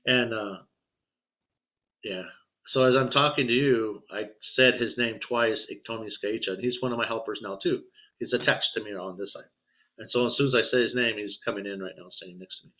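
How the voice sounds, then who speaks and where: A man's voice: fairly low pitch, fairly even intonation, brisk. A man in his fifties, a spiritual healer and podcast guest, telling his life story casually in a rambling way, with lots of "you know" and restarts. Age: 50s. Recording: tinny phone-like line.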